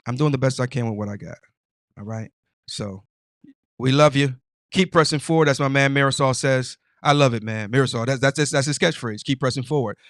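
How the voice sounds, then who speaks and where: A man's voice: mid-range voice, a little fast, a bit bright, dry recording, studio quality. Emphatic preachy man hosting a show. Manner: emphatic, preachy, stammering restarts. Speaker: host. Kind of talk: casual motivational monologue.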